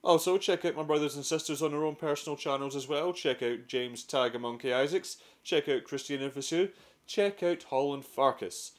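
A man's voice: a little high, normal speed. A young Scottish man hosting a comedic gaming vlog, telling stories dramatically and swearing freely. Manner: profane, dramatic storytelling with sudden outbursts. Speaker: gaming vlogger. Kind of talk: comedic scripted vlog narration.

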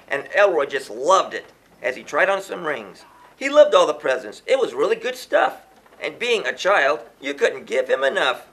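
A man's voice: fairly high pitch, a bit bright. A man reading a rhyming children's story aloud in a sing-song way, chanting the refrains.

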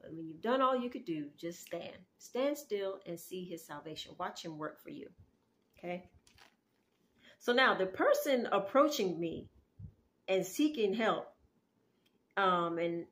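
Woman talking through a prophetic dream, easygoing and chatty, lots of "okay" and "y'all", reads scripture slow and heavy. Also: medium pitch, fairly bright tone. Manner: conversational, repeats "okay" often, says "y'all". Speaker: Christian video creator sharing a prophetic dream. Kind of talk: casual spoken devotional.

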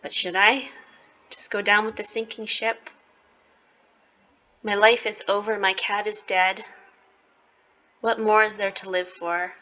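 A woman's voice: medium pitch, flat delivery, unhurried, long pauses, pushed and bright, rough recording. A woman reading the lines of a despairing young woman grieving her lost cat from a story game, in a plain read-aloud way.

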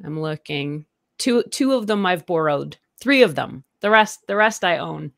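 A woman's voice: on the low side, lively intonation, unhurried, vocal fry, a bit bright, dry recording, studio quality. A woman with a Canadian accent, a tech reviewer chatting as a guest and explaining products in a friendly, thoughtful way. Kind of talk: casual interview chat.

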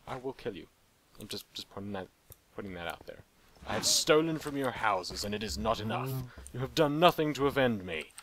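Young male let's-play host, low-ish voice with wide swings, jokey and rambling. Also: a bit bright, a little hiss or hum. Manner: playful rambling, jokes to the animals in the game. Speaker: gaming channel host.

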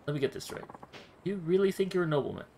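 A blunt, worn-out fighter, read out by a man who meets nonsense with dry sarcasm. His pitch leaps up and down in disbelief. His manner stays plain and unimpressed. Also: big pitch swings, quick pace, creaky, dark tone, slight background noise. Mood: sarcastic. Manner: sarcastic, incredulous. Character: blunt, exasperated male fighter.

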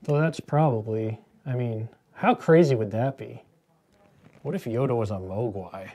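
Host type: man in his thirties, mellow tone, jokey rambling painter chat. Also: medium pitch, measured pace. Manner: joking, rambling into movie tangents. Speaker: miniature painter hosting a painting stream. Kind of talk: casual painting demo chat.

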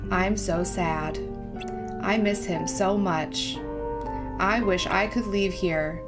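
A woman putting on a flat, lifeless voice to mock a gloomy, lonely young woman. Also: mid-range voice, takes it slowly, loud music behind the voice, pitched below the performer's own voice, lightly acted. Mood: mock-mournful. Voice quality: flat, droning monotone.

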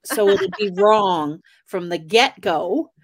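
A woman's voice: mid-range voice, slow, husky. A woman with a Canadian accent, an author guest chatting casually on a podcast and acting out little quoted exchanges.

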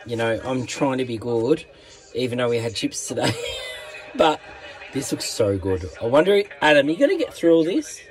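A man's voice: mid-range voice, big pitch swings, normal speed, soft background music. A man with an Australian accent chatting casually to a handheld camera while camping in a van, laughing often and talking to his dog. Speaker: vlogger. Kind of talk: casual vlog chat. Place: camper van and campground.

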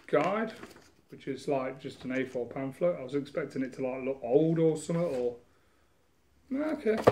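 A man's voice: mid-range voice, darkish tone, slight background noise. A man chatting casually through a game unboxing at home, rambling, self-mocking and swearing, recorded on a camera mic. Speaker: gaming vlogger.

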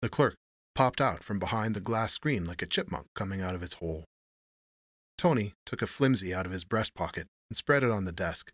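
Brief: man with a lowish voice, steady noir narration, dry close-miked sound. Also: a little fast, no echo. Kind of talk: scripted narration of a noir story.

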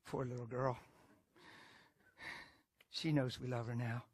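A male preacher telling a story in a sermon, animated and emphatic, moving between loud bursts and hushed asides. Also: mid-range voice, slow, breathy edge, dry recording.

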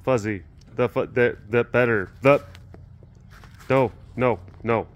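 A man's voice: medium pitch, takes it slowly. Chatty man cooing to big cats. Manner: chatty, laughs often, coos softly to the cats. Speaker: vlog host at a big cat rescue. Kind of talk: casual walkaround vlog chat. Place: outdoors at an animal compound.

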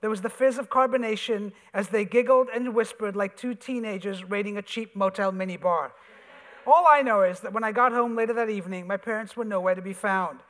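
A man, an author, reading his comic essay aloud on a theater stage with wry, animated storytelling. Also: sits high, fairly quick. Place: theater stage before an audience. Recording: reverberant theater hall.

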